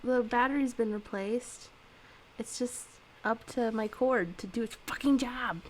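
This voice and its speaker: A young woman talks to herself in a high voice, slowly and loosely. She complains at her equipment with dramatic, foul-mouthed exasperation. A faint noise floor sits under the home recording. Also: poor audio. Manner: chatty, swears freely, dramatic complaints. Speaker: vlogger. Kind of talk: casual solo vlog with singing.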